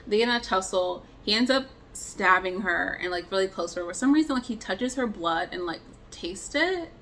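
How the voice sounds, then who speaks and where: A woman's voice: medium pitch, fairly quick, hardly any pauses, fairly bright tone, a little hiss or hum. A young woman giving a casual review, retelling scenes in a chatty way with lots of "like" fillers. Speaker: book and film reviewer.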